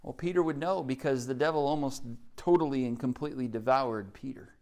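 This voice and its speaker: A man's voice: medium pitch, brisk, darkish tone. A pastor with an Oklahoma accent preaching a sermon, earnest and pleading as he reads scripture and calls listeners to decision.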